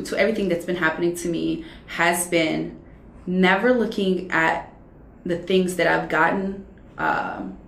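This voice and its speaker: A woman in her thirties, a radio personality, chatting as an interview guest and telling stories with lively acted-out dialogue. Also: on the low side, creaky, slight background noise. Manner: animated storyteller who acts out quoted dialogue. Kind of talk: casual interview conversation. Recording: roomy echo.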